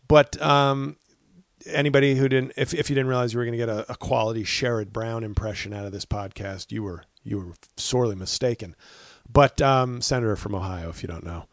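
A man's voice: mid-range voice, fairly even intonation, brisk, no echo, clean studio sound. A male comedian hosting a podcast, talking in a rambling, opinionated monologue with many restarts and fillers.

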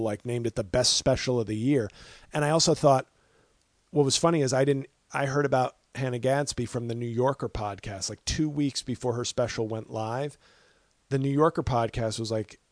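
A man's voice: medium pitch, dry recording, clean studio sound. A male comedian hosting a podcast, talking in a rambling, opinionated monologue with many restarts and fillers.

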